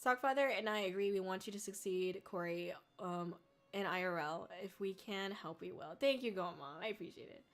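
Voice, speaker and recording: A woman's voice: medium pitch, moderate pace. A woman streamer in casual chat with her viewers, reading their messages aloud, swearing freely and fighting back tears. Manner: swearing freely, laughing and choking up. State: tearful. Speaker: VTuber streamer.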